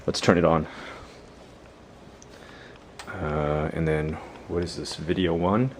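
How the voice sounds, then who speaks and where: A man's voice: very deep voice, fairly even intonation, slow, slight background noise. A young man giving a casual, rambling home-tour vlog inside his house, self-deprecating and full of fillers.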